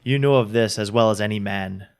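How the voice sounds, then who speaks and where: A man reading a weary young woman's lines in Shakespearean verse, calm and fairly plain. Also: on the low side, brisk, natural voice. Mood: cool.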